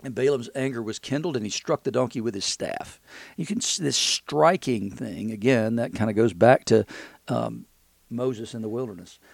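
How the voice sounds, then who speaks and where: A man's voice: mid-range voice, moderate pace, vocal fry, no echo. A man teaching a Bible passage verse by verse, talking conversationally with many restarts and reading scripture aloud.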